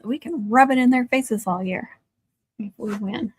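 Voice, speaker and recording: A woman with a drawl hosts a relaxed livestream from her country home. Her voice sits a little high and sounds close and dry, with no room echo. She chats easily, laughs a lot and keeps breaking off to fuss over her dogs. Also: normal speed, breathy edge. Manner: chatty, laughs often, talks to her dogs. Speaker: livestream host. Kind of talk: casual livestream chat.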